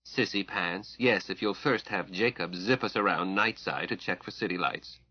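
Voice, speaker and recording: A man's voice: deep voice, moderate pace, slightly rough, no echo, lo-fi sound. A man reading an audiobook, voicing a bold, bossy woman who captains a ship and teases her crew. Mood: teasing. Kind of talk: audiobook character voice.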